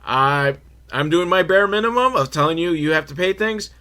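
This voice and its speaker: A man voicing a bored, minimum-wage female store clerk in a flat, indifferent drawl. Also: on the high side, normal speed, pitched above the performer's own voice.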